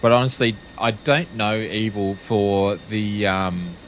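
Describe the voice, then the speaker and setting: An Australian man with a lowish voice gives relaxed, wry running commentary as a streamer. He often trails off with ums. A faint engine hum sits under his speech. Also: slow pace. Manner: chatty, wry, with frequent ums. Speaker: flight sim streamer. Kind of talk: casual live-stream commentary.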